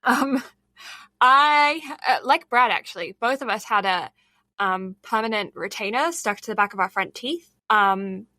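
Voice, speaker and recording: A woman's voice: medium pitch, animated, a little slow, sharp tone, no echo. A woman co-hosting a casual podcast chat with a slight lisp, rambling and laughing often. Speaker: podcast co-host.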